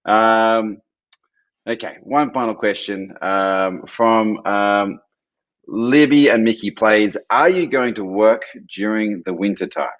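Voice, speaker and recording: A man's voice: fairly low pitch, slow, dull audio. A man hosting a live stream, chatty, reading out viewer questions.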